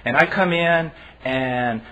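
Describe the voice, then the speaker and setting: A man preaching a sermon in an earnest, emphatic way, with halting restarts. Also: on the high side, bright, forceful tone. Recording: dull lo-fi recording.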